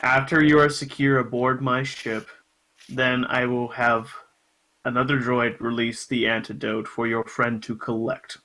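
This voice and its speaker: A man voicing a cold professional male bounty hunter in a tabletop game, speaking slowly and formally. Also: medium pitch, level tone, bright, forceful tone, poor audio. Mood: coldly formal. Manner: slow, measured, formal.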